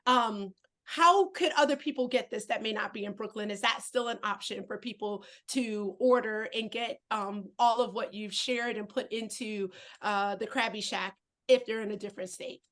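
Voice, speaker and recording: A woman hosting a podcast interview, emotional and tearing up, talking warmly with many fillers and restarts. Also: medium pitch, normal speed. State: choked up, tearing up. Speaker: podcast host. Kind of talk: conversational interview.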